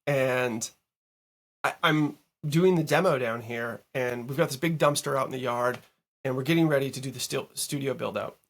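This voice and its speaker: A man as a podcast guest, a music producer telling a story in casual interview chat, animated and full of fillers and the odd curse. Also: medium pitch, moderate pace. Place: home recording studio.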